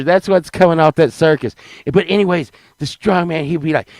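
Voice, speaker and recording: A man telling a rambling, profane comic story, swinging between loud excited bursts and low mutters. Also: fairly quick, hardly any pauses, no echo, rough recording. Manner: profane, rambling, animated, with sudden drops to mutters.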